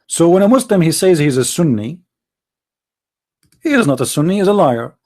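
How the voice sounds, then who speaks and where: A man's voice: fairly high pitch, sing-song, normal speed, warm tone. A man hosting a live debate stream, arguing emphatically with rhetorical questions and non-native grammar. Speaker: live debate show host.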